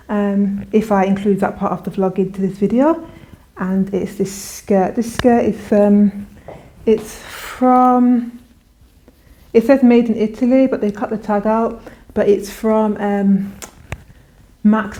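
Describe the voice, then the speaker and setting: In a medium-pitched, dark voice, a woman vlogger chats enthusiastically and casually as she goes through a try-on clothing haul, frequently starting her sentences over.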